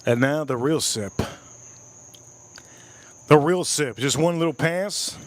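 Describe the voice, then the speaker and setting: A man hosts a casual livestream, tasting and reviewing whiskey while joking with his chat in a playful, repetitive way. His voice is on the high side and he speaks slowly.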